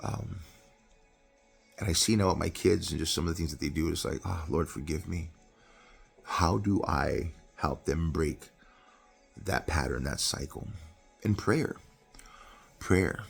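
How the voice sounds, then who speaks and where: Gravelly man preaching a devotional. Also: unhurried, long pauses, faint music behind. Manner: earnest and personal, swings from loud emphasis to low, quiet confession. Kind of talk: devotional Bible talk.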